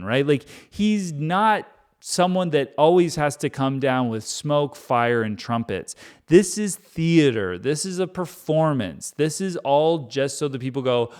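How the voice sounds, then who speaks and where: A man's voice: mid-range voice, darkish tone, clean tone. A man reading scripture aloud and breaking off into wry, chatty, joking commentary. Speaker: Bible reader and commentator.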